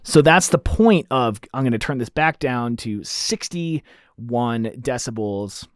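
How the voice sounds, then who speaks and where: An animated man hosts a casual audio tutorial, explaining things step by step as he demonstrates. His voice sits at an ordinary middle pitch for a man. It is captured on a close studio microphone with a dry sound and almost no room echo. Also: slow, clean tone. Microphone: studio microphone through an audio interface.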